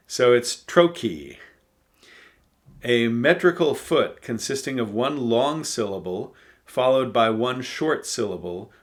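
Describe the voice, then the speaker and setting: A man reading poems aloud and talking them through in a thoughtful, musing way, pausing often with ums and uhs. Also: medium pitch. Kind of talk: casual poetry reading and commentary.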